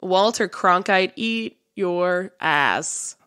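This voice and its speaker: A woman's voice: on the low side, extremely slow, fairly bright tone, clean tone. Joking woman podcast co-host. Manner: joking, laughs often. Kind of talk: casual comedic chat.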